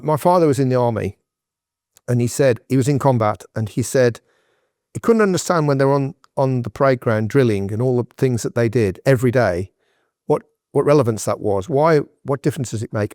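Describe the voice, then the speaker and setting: A man's voice: medium pitch, a little mellow, dry recording, studio quality. A man being interviewed on a podcast, giving advice in a direct, emphatic, conversational way. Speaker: guest entrepreneur.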